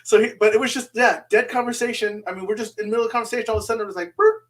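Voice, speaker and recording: A man with a somewhat high voice talks as a guest in a casual chat, telling his stories in a loose, relaxed way. He breaks in often with quick words of agreement.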